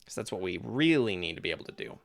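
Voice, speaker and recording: Relaxed male gaming streamer. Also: deep voice, fast, gravelly. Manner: relaxed, thinking aloud with fillers. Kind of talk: casual live commentary.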